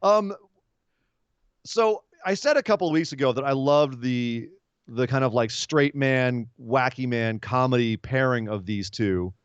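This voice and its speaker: A man's voice: mid-range voice, clear, resonant tone, no echo. A man co-hosting a podcast, rambling through a wrestling recap in casual chat. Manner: rambling, retells comedy segments with quick voiced asides. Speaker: podcast co-host. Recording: dull lo-fi podcast audio, dry.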